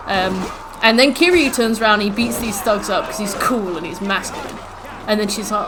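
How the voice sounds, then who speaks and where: A woman streamer chatting casually in a live stream, telling stories in an animated, rambling, profane way. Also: fairly high pitch, normal speed, noisy background.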